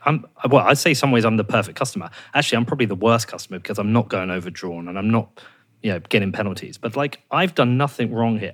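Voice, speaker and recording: A man hosting a podcast, ranting in a heated, swearing casual chat, his voice jumping up when he gets worked up. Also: a bit bright. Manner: fired up, swears a lot, voice jumps high when ranting. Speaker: podcast host.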